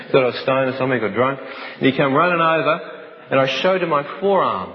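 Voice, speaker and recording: Male testimony speaker, intense and vivid storytelling, mid pitch. Dull sound, hall reverb. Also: fairly quick. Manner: intense, vivid, with some restarts. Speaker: speaker giving a personal testimony. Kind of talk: dramatic personal storytelling.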